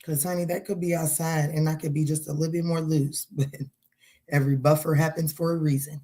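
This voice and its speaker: A woman's voice: low-pitched, little pitch movement, brisk, dark tone. A middle-aged woman who reads tarot, chatting casually and playfully on a livestream. She laughs often and answers comments from her viewers. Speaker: tarot reader.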